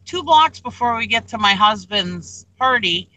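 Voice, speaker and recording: A woman hosting a casual livestream, telling a story in a lively, chatty way and acting out what people said. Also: a little high, measured pace, rough recording. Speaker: online reseller hosting a livestream.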